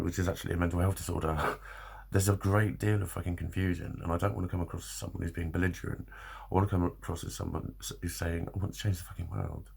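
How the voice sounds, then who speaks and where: A man's voice: sits low, vocal fry, a little mellow, husky. A man vlogging in a loose, rambling monologue, swearing a lot and laughing often.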